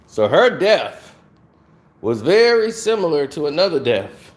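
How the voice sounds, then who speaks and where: A man talks through a film in a relaxed, conversational review, taking his time with each thought. His pitch rises and falls in a lively way as he makes his points. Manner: animated, conversational, drawn-out delivery. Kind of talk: casual spoiler review.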